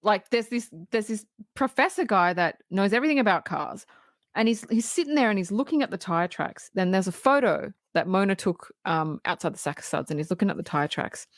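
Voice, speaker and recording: A woman's voice: mid-range voice, a little fast, dry recording. Woman retelling a film scene, dry mic. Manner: animated storytelling, acting out quoted lines, frequent laughs and swearing. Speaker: podcast co-host. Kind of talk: casual film recap.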